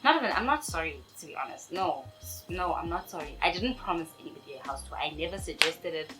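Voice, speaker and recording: A woman's voice: on the low side, lively intonation, fast talker, over loud music, low-quality recording. A young woman from South Africa, answering viewer questions in a sassy, playful casual chat straight to her viewers. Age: young adult.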